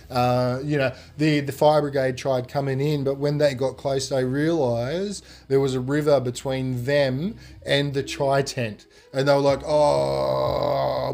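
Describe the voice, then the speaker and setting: A man, a podcast guest telling stories in a loose, rambling way full of fillers, getting animated when he quotes people. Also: medium pitch. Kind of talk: casual storytelling.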